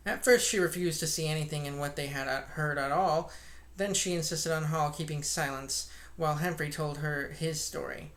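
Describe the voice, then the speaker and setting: Audiobook reader: woman narrating a classic novel, steady and measured. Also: sits low. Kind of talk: reading a classic novel aloud.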